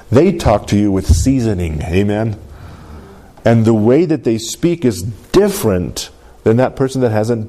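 A man's voice: mid-range voice, warm tone. A man preaching a sermon in a conversational way, often checking in with his congregation. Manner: conversational, keeps asking the congregation "Amen?". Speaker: pastor.

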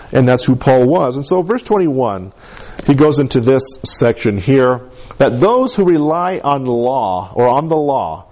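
A man with a medium-pitched voice preaches a sermon animatedly, acting out the voices of the people he quotes.

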